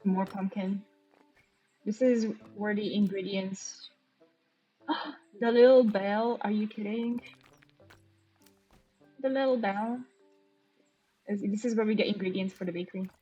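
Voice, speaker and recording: Thinking aloud as she plays, this game streamer from Romania lets out delighted gasps during relaxed live-stream chat. Her medium-pitched voice is warm with a breathy edge, fairly even in intonation, unhurried and marked by long pauses. Faint music runs under the dull, lo-fi stream sound.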